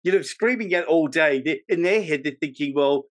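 Animated male podcast host. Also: a little high, a little fast, dry recording. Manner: animated, probing questions with fillers. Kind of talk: interview conversation.

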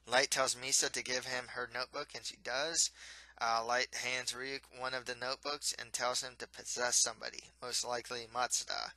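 A man's voice: medium pitch, level tone, normal speed, pushed and bright, no room sound, poor audio. A young man casually reviewing a manga, rambling with lots of fillers and restarts.

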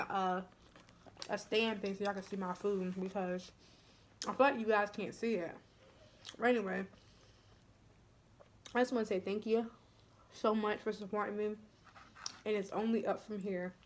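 Young woman vlogger, casual chatty delivery with soft near-whispered asides, over a faint noise floor. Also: medium pitch, moderate pace, long pauses. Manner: chatty, addresses viewers as y'all, drops to soft near-whispers. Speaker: mukbang vlogger. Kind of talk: casual chat while eating.

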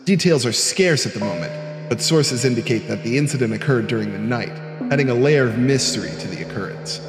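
A young man putting on a lowered, measured newscaster voice to read an in-game news report. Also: lively intonation, echoey room, big-room sound, over music, lightly acted. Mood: solemn. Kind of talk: reading an in-game news note aloud.

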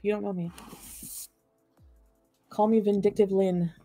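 Angry sarcastic woman streamer, dark tone, dry desk-mic sound with faint music. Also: mid-range voice, steady tone, unhurried. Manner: profane, combative and sarcastic. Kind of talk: livestream rant at chat.

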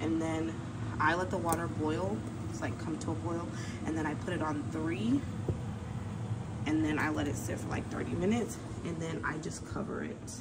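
A woman's voice: deep voice, steady tone, moderate pace. Slangy young woman venting at home. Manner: candid, slangy, venting with heated retelling. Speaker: vlogger working from home. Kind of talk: casual vlog chat. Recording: home recording with clear background noise.

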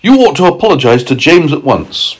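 A man's voice: on the high side, sing-song, fairly quick, slightly rough, voice pushed up, rough recording. A man voicing a proud, chatty male earthworm in a storybook read aloud to a child.

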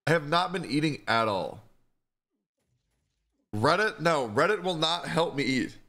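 A man's voice: on the high side, animated, measured pace, pushed and bright. A young man talking casually on a live stream, reading chat questions aloud and answering them with frequent swearing. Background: music playing.

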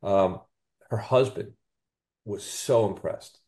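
A chiropractor guest on a podcast, telling a patient story with enthusiasm and often adding "you know" and "okay?". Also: male voice, lowish voice, takes it slowly, dark tone.

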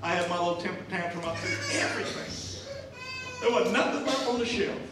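A man preaching a sermon, swinging from soft and slow to loud and emphatic. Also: sits high. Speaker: pastor. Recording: echoey church hall, mic at a distance. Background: band music playing.

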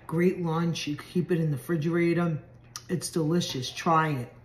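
A woman's voice: low-pitched, steady tone, moderate pace, roomy sound, slight background noise. A woman walking through a simple recipe step by step in a chatty home cooking video. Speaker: home cook. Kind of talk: casual cooking demonstration.

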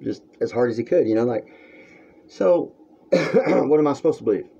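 A man's creaky, dark, slightly rough mid-range voice carries lively intonation at a moderate pace. He's on his own vlog, ranting crudely and heatedly to camera from a room at home, rambling on a dull lo-fi recording.

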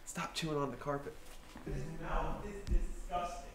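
Loud jokey young man in echoey room. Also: a little high, steady tone, moderate pace, noisy background. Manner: loud, jokey, laughs often. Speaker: roommate. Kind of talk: casual banter. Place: shared house, indoors.

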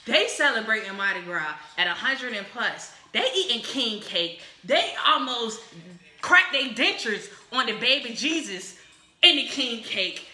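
Bright-voiced, rambling comedic woman host. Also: on the high side, expressive, unhurried. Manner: exuberant, rambling, whooping. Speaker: comedy cocktail show host. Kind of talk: casual comedic chat while mixing drinks. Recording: echoey room.

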